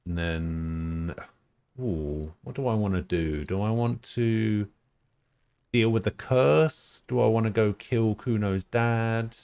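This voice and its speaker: A man's voice: fairly low pitch, slow pace, vocal fry, a little mellow, clean tone, dry recording. A man streaming a video game live, chatting casually and joking at his own expense. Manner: joking, self-mocking, laughs often.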